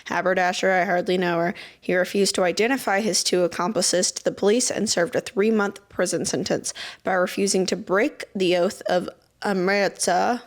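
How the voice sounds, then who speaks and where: A young woman hosting a casual deep-dive show, reading facts aloud and breaking off into swearing, joking asides and laughter. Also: steady tone, moderate pace. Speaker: podcast host.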